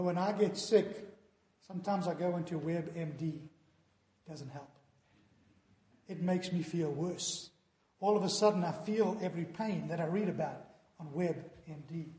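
In a church sanctuary full of long reverb, a male pastor with a dark-toned voice on the high side preaches a sermon. He earnestly puts questions to his listeners.

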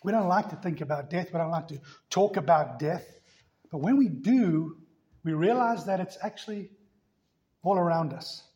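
A male pastor preaching a sermon emphatically, swinging between loud passages and hushed ones. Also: a little high, moderate pace.

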